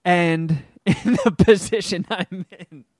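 A man in his forties who hosts a podcast, telling stories in a casual, animated and profane way. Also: high-pitched, slow. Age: 40s. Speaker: podcast host. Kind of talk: casual chat.

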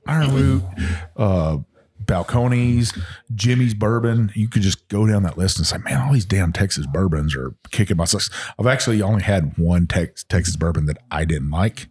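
A man's voice: low-pitched, lively intonation, normal speed, darkish tone, breathy edge. A man co-hosting a podcast in casual chat, enthusiastic and rambling, with lots of ums. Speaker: podcast co-host.

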